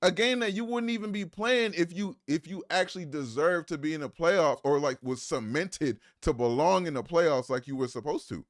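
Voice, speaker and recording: A man's voice: on the high side, moderate pace, hardly any pauses. A man streaming live, reacting to a clip with profane, mocking, incredulous commentary.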